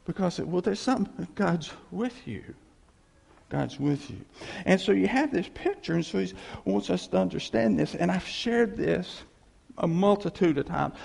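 A man preaching a sermon, telling stories in an animated way and acting out the voices of the people in them. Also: high-pitched, gravelly, slightly rough, long reverb tail. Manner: animated storytelling, acting out quoted voices with laughs.

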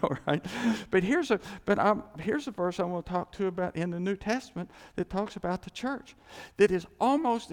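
Male pastor, sermon, animated and jokey, wide swooping pitch, gravelly edge, long reverb of a church hall. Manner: animated, jokey, acts out God's voice. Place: church sanctuary.

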